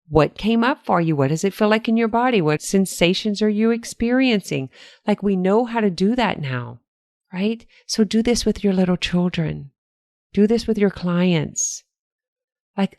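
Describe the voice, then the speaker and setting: A woman's voice: lowish voice, no room sound, clean studio sound. An older woman hosting a solo podcast, talking in an earnest, encouraging way with repeated motivational phrases. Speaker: podcast host.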